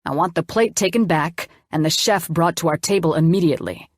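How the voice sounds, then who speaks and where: A narrator plays a wealthy man who takes charge of the room, speaking as if he owns the place. His words come quick and clipped, firm and a touch louder. The audiobook sound is close and dry. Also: fairly low pitch, dry recording, natural voice. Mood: commanding. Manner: authoritative, clipped and demanding. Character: wealthy man, authoritative and commanding.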